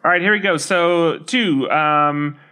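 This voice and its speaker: A man's voice: a little high, takes it slowly, bright, forceful tone, clean tone. A man co-hosting a podcast, reading listener reviews aloud in casual, playful banter and laughing easily.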